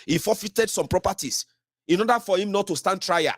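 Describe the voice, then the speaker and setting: A Nigerian man hosting solo political commentary, mocking and animated, slipping into Pidgin. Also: high voice, a little fast, dry recording, studio quality.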